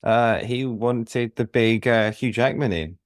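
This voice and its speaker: A man's voice: mid-range voice, slow, no room sound, clean studio sound. A man co-hosting a podcast, chatting easily about a film and agreeing often. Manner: easygoing, says "yeah" a lot. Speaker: podcast co-host. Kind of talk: casual film discussion.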